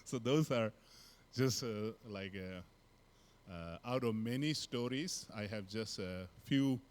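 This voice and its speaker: Tibetan-accented man telling a story haltingly. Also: lowish voice, clean tone. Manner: halting, many fillers, laughs between sentences. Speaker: Buddhist teacher.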